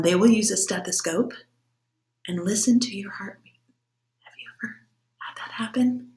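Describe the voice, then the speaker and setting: Teacher lady walking little kids through it slowly, echoey room. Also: mid-range voice, a bit bright. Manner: patient, step-by-step, asks the kids questions. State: out of breath after exercise. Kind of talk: remote lesson for young children.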